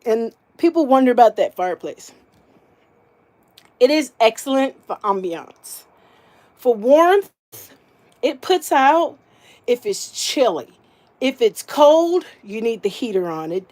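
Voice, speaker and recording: A woman's voice: fairly high pitch, expressive, unhurried, long pauses, a little mellow. Chatty woman touring her cozy camper. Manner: chatty, homey, fond of the word little. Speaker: vlogger giving a camper tour. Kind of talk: casual walkthrough vlog. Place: inside a small camper.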